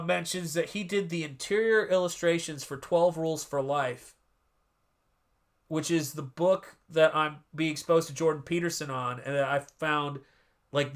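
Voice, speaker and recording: A man hosting a live stream, chatting casually in a rambling, animated way and often cutting himself off. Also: on the high side. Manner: rambling, animated, self-interrupting. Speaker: livestream host and artist.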